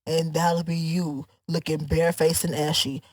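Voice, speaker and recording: A woman's voice: low voice, flat delivery, normal speed, darkish tone, no echo, rough recording. A woman co-hosting a casual podcast, a makeup artist ranting with emphasis and swearing freely. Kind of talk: casual chat.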